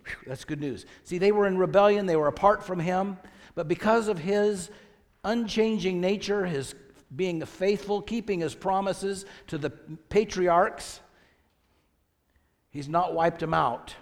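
A man's voice: high-pitched, measured pace, long reverb tail. A man preaching a sermon as pastor, reading scripture aloud with rising emphasis and asking the congregation questions.

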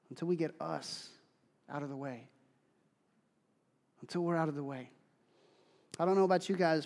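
A man preaching a sermon as pastor, telling stories in an animated, emphatic way. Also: fairly high pitch. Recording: long hall reverb.

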